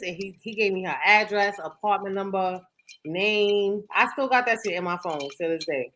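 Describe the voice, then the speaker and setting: On a rough recording, a young woman co-hosting a podcast tells a dating story at a moderate pace, her mid-range voice fairly bright. She's candid and profane, and her casual chat is packed with "like."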